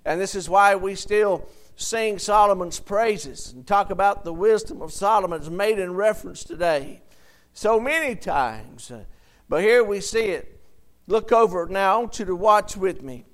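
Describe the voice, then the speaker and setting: A man preaching a sermon in a high, clear voice. He takes his time, retells scripture in everyday words and pauses to call for an amen from the congregation. His delivery is smooth and resonant. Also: expressive. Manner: reads King James verses aloud.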